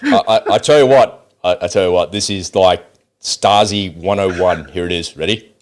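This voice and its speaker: A man's voice: deep voice, normal speed. A man with an Australian accent giving blunt, sarcastic, profane commentary on a video clip. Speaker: political commentator.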